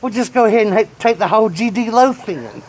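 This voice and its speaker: A man voicing his short-tempered old grandfather, who yells and cusses gruffly. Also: on the high side, very animated, fast. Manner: yelling, gruff and profane.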